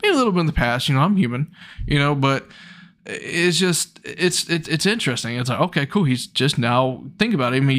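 Rambling, chatty young man. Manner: rambling, loose and chatty, jumps up in pitch when excited. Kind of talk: casual retelling of an anime episode.

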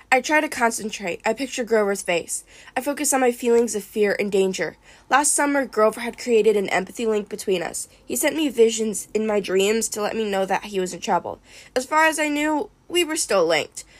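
A woman's voice: a little high, no echo. Woman reading a novel aloud, dry sound. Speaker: reader. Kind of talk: audiobook reading of a first-person novel.

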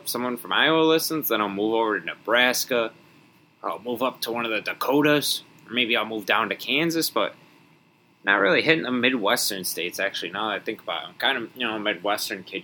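A man's voice: fairly low pitch, sharp tone, slight background noise, rough recording. A young man from Wisconsin hosting a solo podcast, rambling and joking with mock indignation. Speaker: podcast host.

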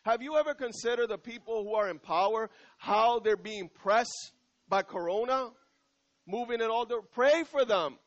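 A middle-aged man preaching a sermon as pastor in a church, talking conversationally and slowing down to repeat key lines. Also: very high-pitched, dull audio.

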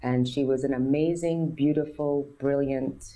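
New lady, 50s, low voice, earnest and open, telling her story in an interview. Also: steady tone, measured pace, mellow. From New York City. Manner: earnest, open, acts out others' voices in quotes. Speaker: guest.

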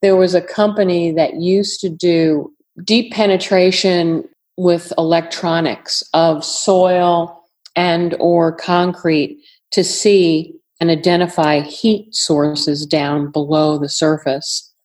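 A retired woman with a New York accent, answering interview questions in a measured, careful way. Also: fairly low pitch, flat delivery, darkish tone. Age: older. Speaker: retired FBI agent, guest.

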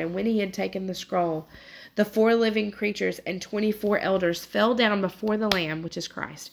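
A woman's voice: mid-range voice, gravelly. A woman, reading scripture aloud and then talking earnestly and emotionally about it as a devotional prayer leader. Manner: earnest, emotional, with many restarts.

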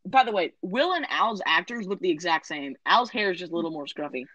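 A woman's voice: lowish voice, lively intonation, a little fast, bright, forceful tone, no echo, muffled recording. A woman in casual chat recapping a movie, rambling, correcting herself and tossing in sarcastic asides.

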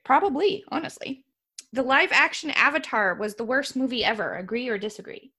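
A woman co-hosting a relaxed chat show, with a slightly high voice. She talks in an animated, opinionated way and laughs often. Her speech is casual and loose. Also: fairly quick, slightly rough. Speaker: podcast co-host.

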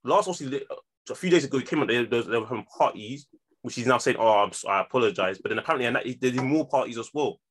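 A young man, co-hosting a podcast in slangy, quick casual banter. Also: medium pitch, breathy edge. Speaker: podcast co-host. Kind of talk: casual chat.

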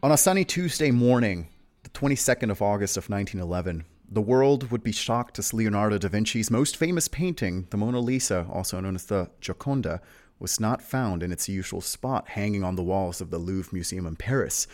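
A young man with a fairly low voice hosts a casual history podcast. He tells the story in an easygoing way and drops playful jokes and teasing asides. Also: lively intonation, fairly quick, a little mellow, faint music behind. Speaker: podcast host.

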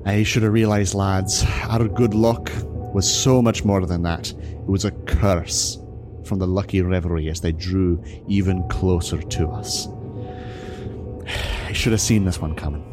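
A man voicing a proud, sword-bearing warrior woman who speaks slowly and solemnly. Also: deep voice, fairly even intonation, over music. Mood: grim.

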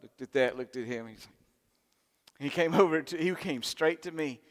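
A middle-aged man preaching a sermon, swinging from loud, emphatic lines to soft, intimate asides. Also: on the high side, moderate pace. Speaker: pastor. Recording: long hall reverb.

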